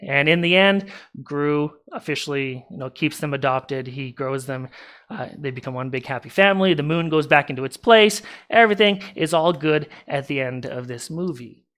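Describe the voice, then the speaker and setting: A man's voice: on the high side, normal speed, fairly bright tone. A man preaching a casual sermon in a church, animatedly retelling a movie plot with asides to the congregation. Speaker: pastor. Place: church sanctuary.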